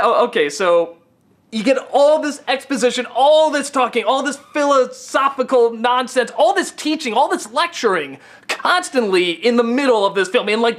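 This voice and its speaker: A man giving a casual, profane film review rant, stammering and sarcastic, often getting excited. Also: very high-pitched. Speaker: film critic.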